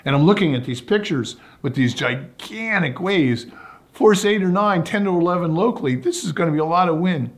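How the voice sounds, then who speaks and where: A man telling sailing stories as a guest in an interview, in a relaxed anecdotal way. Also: on the high side, normal speed. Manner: relaxed anecdotal storytelling, acts out quotes. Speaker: guest, sailor and sailing commentator. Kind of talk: storytelling in a podcast interview.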